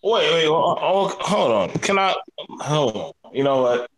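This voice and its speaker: A man's voice: fairly high pitch, sing-song, unhurried, echoey room, rough recording. A man giving blunt, profane opinions in a casual podcast debate.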